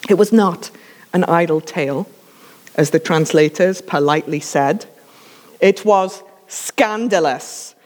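A woman's voice: on the low side, slow, a little mellow, long reverb tail. A woman preacher telling a sermon story in a casual, emphatic way with humorous asides, coughing now and then from a dry throat.

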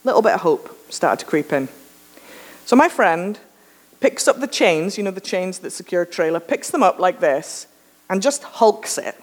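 A woman preacher giving a sermon, telling a lively self-mocking anecdote with humor. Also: on the low side, normal speed. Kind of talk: storytelling sermon.

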